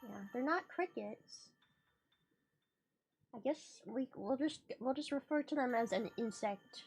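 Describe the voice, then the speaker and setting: A woman streamer in casual livestream chat, excitable and playful, rambling and swearing casually, her voice leaping up and down in pitch and loudness. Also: unhurried, breathy edge.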